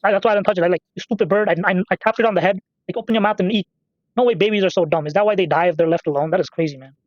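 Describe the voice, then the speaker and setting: A man's voice: sits high, fairly even intonation, rapid-fire, dry recording, lo-fi sound. A man casually rambling through profane, off-topic stories while commenting on a game he is playing. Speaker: gaming channel host.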